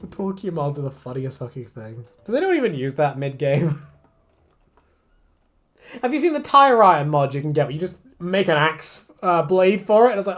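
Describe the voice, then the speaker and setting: Animated English streamer woman. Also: deep voice, normal speed. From England. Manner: animated, laughing, swearing, reading chat. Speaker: streamer, artist. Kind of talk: casual live-stream chat.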